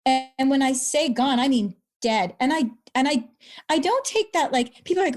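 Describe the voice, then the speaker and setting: A woman's voice: high voice, normal speed, darkish tone. A middle-aged woman, a podcast guest earnestly telling a personal story and repeating words when moved. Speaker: guest, brain injury survivor.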